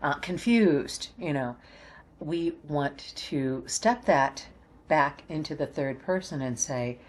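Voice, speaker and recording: Low-voiced woman giving gentle spiritual guidance. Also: slow. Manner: encouraging, coaxing, repeats phrases. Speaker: oracle card reader. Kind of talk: spiritual guidance talk to viewers.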